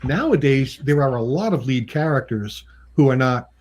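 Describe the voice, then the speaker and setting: A man's voice: animated, moderate pace, a little mellow. Chatty man telling stories. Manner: chatty, acts out quoted people with pitch jumps; laughs often between remarks. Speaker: comic book writer and artist, guest. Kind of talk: casual anecdotal storytelling.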